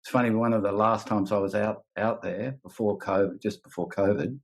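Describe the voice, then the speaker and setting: Older aussie bloke, kinda low voice, thoughtful and halting, lots of ums. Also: male voice, fairly even intonation, poor audio. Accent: Australian. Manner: halting, reflective, with many fillers and restarts. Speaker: guest musician. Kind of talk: candid conversation.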